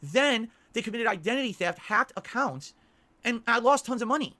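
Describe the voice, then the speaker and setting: A man's voice: very high voice, lively intonation, normal speed, bright, forceful tone. A man speaking on his stream in a defensive, complaining monologue that is played back from a clip. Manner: aggrieved, complaining, self-pitying.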